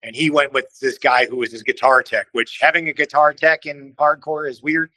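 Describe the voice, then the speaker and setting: A man from Cleveland telling stories as a podcast guest, animated and acting out what other people said in quick little voices. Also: medium pitch, no room sound, low-quality recording. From Cleveland, Ohio. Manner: animated, acts out quoted voices, swears casually. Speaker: podcast guest, band vocalist. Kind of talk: casual storytelling in conversation.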